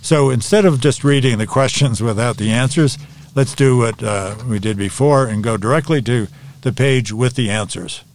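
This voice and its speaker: A man teaching a Bible study lesson, working methodically through review questions and answers in a measured way. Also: mid-range voice, darkish tone, slight background noise.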